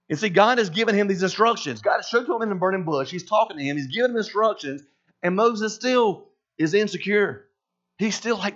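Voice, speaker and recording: A man delivers a lively sermon, his voice sitting high for a man. He slips into the voices of the characters he talks about. The sound is dull and lo-fi. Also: brisk. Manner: animated, acts out voices of Moses and God. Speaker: pastor.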